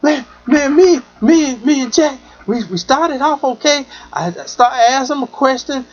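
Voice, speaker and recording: A man voicing an upset, angry woman who stammers and repeats her words. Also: dull audio. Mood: distraught. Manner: shrill, rapid, repeating words. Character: distraught angry young woman, cursing and crying.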